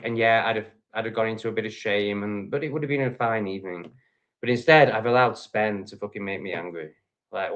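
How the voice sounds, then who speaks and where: English male streamer, heated profane rant, dull lo-fi audio. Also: fairly low pitch. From England. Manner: profane, heated, repetitive ranting. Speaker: livestream host. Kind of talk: angry livestream rant.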